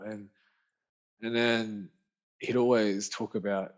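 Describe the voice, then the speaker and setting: A podcast guest who is an author and speaker tells his own story in casual conversation, slangy and animated, acting out what his friends said. His voice is low and slow with frequent pauses. The audio is muffled and lo-fi.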